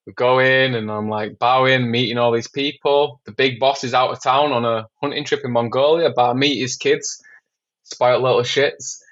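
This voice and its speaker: Man, from England, podcast guest, animated storyteller, lots of swearing, mid pitch, slightly muffled audio. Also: moderate pace. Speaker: podcast guest, documentary filmmaker. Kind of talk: casual storytelling.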